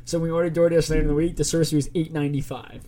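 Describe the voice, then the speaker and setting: Animated young man telling a story. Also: fairly high pitch, very fast, over a noisy crowd. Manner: animated storyteller, acts out phone calls. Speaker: podcast co-host. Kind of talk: casual podcast chat.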